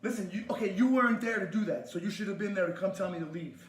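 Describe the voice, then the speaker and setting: A man with a fairly high voice rants at a store over the phone, aggressive and profane, repeating himself again and again. The recording sounds roomy and echoey. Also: fast, a little hiss or hum. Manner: aggressive, repeats demands, swears. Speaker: customer complaining to a store. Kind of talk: heated phone argument.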